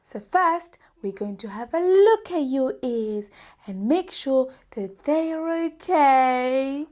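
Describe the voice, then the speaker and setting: Slow, sing-song woman doctor for toddlers. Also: sits high, animated, darkish tone. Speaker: children's show host, doctor. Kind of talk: preschool lesson.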